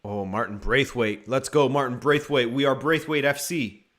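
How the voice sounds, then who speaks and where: A man's voice: mid-range voice, moderate pace, fairly bright tone. A man hosting a live football watchalong, giving casual, joking commentary and reading viewer comments aloud. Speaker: watchalong host.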